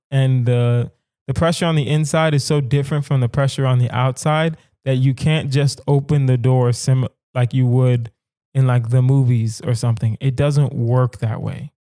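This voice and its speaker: A young man hosts a comedy podcast on his own and riffs through absurd what-if questions, talking straight to the listener. His voice is smooth and clear at a middle pitch. The sound is close and dry, with no room around it. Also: warm tone, no room sound. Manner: riffing, addresses listeners directly, mock-serious asides. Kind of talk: solo comedic monologue.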